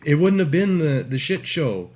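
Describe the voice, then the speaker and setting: On a muffled recording, a man in his forties from Ontario, Canada tells a rambling, swear-filled story as a podcast guest. His voice sits on the high side with big pitch swings, a moderate pace and a darkish tone. He keeps restarting his sentences.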